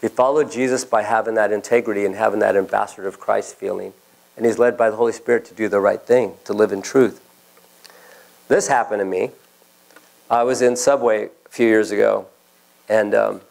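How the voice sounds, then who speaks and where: A male pastor with a lowish, creaky, slightly mellow voice tells personal stories during his sermon, performing the quoted voices of the people involved. It's a low-quality recording.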